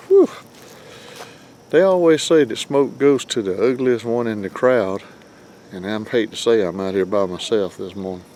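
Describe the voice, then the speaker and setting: Man, middle-aged, folksy and rambling, lowish voice, faint outdoor noise. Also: a little mellow. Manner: folksy, rambling, self-deprecating. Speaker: vlog host. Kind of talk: casual outdoor vlog chat. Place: outdoors by a grill before dawn.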